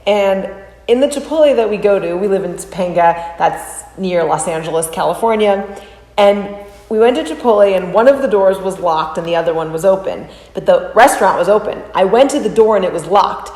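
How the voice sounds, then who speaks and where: A woman in her thirties recounts a personal story in casual reaction commentary. She tells it with animated delivery and mimics other people's voices. The room is echoey, with a long reverb. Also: medium pitch, a little fast. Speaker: reaction video host.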